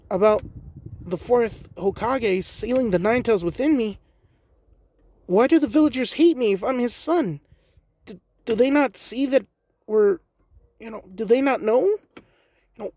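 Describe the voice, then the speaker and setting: Man voicing a lonely boy ninja, raised pitch, pleading; storybook fan tale, dry close sound. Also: a little mellow, no echo. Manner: pleading, questioning. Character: hurt young boy ninja, lonely and earnest.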